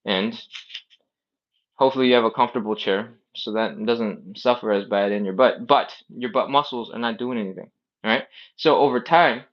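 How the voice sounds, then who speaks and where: A man's voice: mid-range voice, moderate pace, dull audio. A man leading a live-streamed stretching class, explaining moves casually and often checking in with "all right?" while he exercises on the floor. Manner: cues exercises while doing them on the floor. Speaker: fitness instructor.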